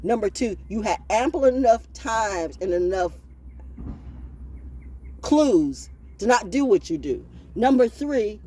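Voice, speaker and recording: On her own livestream channel, an oracle reader freestyles a rant that is blunt, preachy and profane. She speaks in a mid-range voice that sounds warm and husky.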